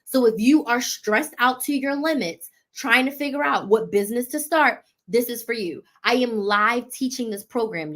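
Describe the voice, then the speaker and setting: A fairly high-voiced woman talks straight to her viewers on a live stream. She coaches and sells with emphatic, punchy rhetorical questions, driving her points home by repeating them. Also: fairly bright tone. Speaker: business coach.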